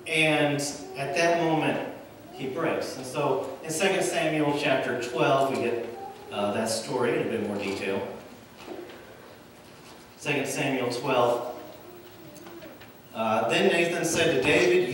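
A male pastor preaching a sermon, with dramatic pauses and swells and drops in volume. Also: mid-range voice, fairly bright tone, slight background noise. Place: church sanctuary. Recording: echoey church hall from far off, faint ambience.

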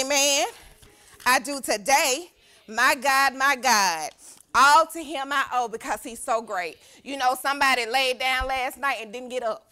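A woman's voice: high-pitched, bright, forceful tone. A young woman preaching a sermon as youth pastor, exuberant and calling out to the congregation in a church. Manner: exuberant, call-and-response with congregation.

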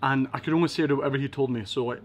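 Fast-talking Scottish man, storyteller. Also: mid-range voice. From Scotland. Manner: fast, lively storytelling with acted-out quotes. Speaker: interviewee telling his life story. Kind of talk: animated casual interview.

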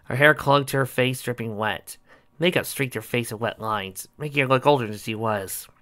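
A man narrating a fan-made story, reading aloud with animated delivery. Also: medium pitch, moderate pace.

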